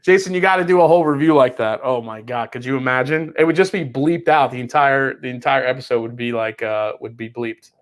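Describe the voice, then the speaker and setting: A man's voice: medium pitch, fairly quick, few pauses. A man hosting a whiskey livestream in casual chat, rambling with restarts and swearing freely while reading chat messages. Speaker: whiskey show host.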